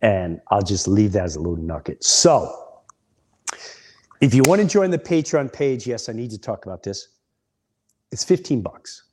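A man's voice: lowish voice, lively intonation, moderate pace, pauses often, a little mellow, a little hiss or hum. A middle-aged man, a comedian hosting a podcast, telling a story in a casual, rambling way with frequent restarts.

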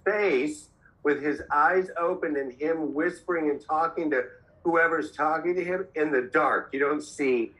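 A male podcast guest talks slowly and emphatically, circling back through restarts. His voice is bright and a touch high. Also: low-quality recording. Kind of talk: casual chat.

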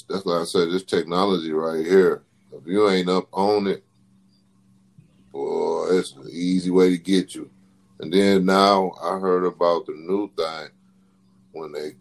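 Very deep-voiced man, laid-back. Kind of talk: casual chat.

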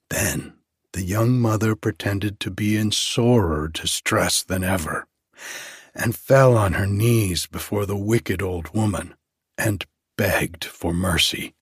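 A man calmly reading a fairy tale aloud as a bedtime story. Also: low-pitched, husky, dry recording, studio quality. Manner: calm, measured.

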